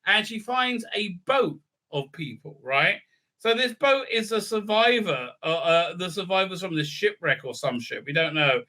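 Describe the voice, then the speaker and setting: A man's voice: high voice, expressive, a little slow, bright, forceful tone. A man ranting sarcastically through a show recap, profane and rambling, with lots of fillers. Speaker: online video reviewer. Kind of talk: casual recap and review rant.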